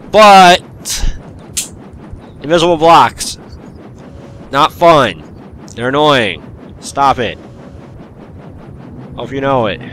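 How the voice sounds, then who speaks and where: A man's voice: fairly low pitch, a bit bright, slight background noise. A man giving uncut gameplay commentary, ranting and grumbling at the game he is playing. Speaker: gaming channel host.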